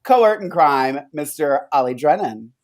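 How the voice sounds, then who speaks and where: A man's voice: fairly high pitch, expressive, normal speed. A man co-hosting a recap show, reading a scripted intro and then chatting loosely with many fillers and laughs. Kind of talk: casual chat with scripted intro.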